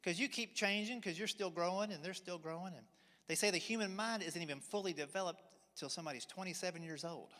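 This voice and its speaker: Forties male stand-up, folksy drawling storyteller, pitched a touch high, big reverberant hall. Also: fast, sharp tone. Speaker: stand-up comedian. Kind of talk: stand-up routine. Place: church hall, live audience.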